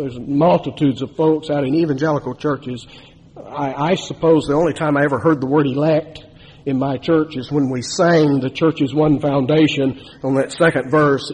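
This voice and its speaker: A man's voice: medium pitch, a little mellow, breathy edge. A man preaching a sermon, telling a story and building to emphatic, rising climaxes. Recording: long hall reverb.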